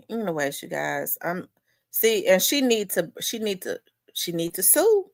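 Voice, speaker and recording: A woman's voice: on the low side, big pitch swings, a little slow, creaky, no room sound. A woman host telling a story in casual chat, talking in winding asides and repeating herself.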